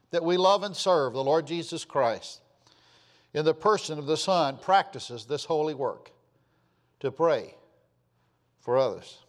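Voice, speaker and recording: A man preaching a sermon in an earnest, pleading way, his voice dropping softly at the ends of phrases. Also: a little high, long reverb tail.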